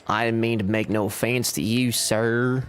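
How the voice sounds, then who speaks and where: A man's voice: mid-range voice, steady tone, moderate pace, clear, resonant tone, lightly acted. A man voicing an overpolite, folksy Southern cowpoke who stammers through gee-whiz exclamations in a put-on Southern accent. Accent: put-on American Southern.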